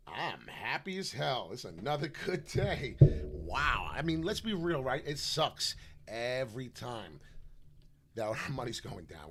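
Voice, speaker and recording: A brash man with a New York accent, rambling excitedly on a live crypto chart stream, jumping between loud outbursts and low mutters. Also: slight background noise. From New York / New Jersey. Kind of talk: casual live stream chat.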